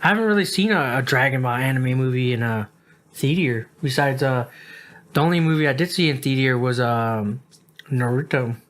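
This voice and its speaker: A man's voice: medium pitch, normal speed. A man from the United States co-hosts a laid-back podcast. He sounds worn out and yawny. His talk wanders and is padded with fillers. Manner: rambling, filler-heavy, says "like" and "dude" a lot. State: tired, yawning. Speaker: podcast co-host. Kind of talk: casual chat.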